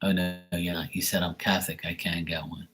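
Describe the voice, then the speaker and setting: A man's voice: low-pitched, level tone, brisk, fairly bright tone, faint music behind, rough recording. A man hosting a livestream, telling a rambling story in blunt, profane casual chat. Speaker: livestream host.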